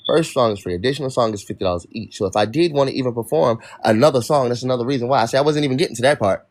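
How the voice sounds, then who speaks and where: Irritated young man, rapid profane rant, livestream host talking to chat. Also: mid-range voice, darkish tone. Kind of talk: ranting livestream talk to chat.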